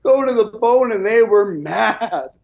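A man's voice: sits high, lively intonation, a little slow, vocal fry, darkish tone, highs cut off. A man telling stories in casual chat, profane and laughing as he talks.

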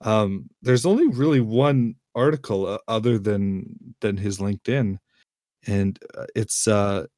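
A man's voice: lowish voice, unhurried, mellow, no room sound, clean studio sound. A man chatting casually as podcast host, laughing often and restarting his sentences. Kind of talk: casual chat.

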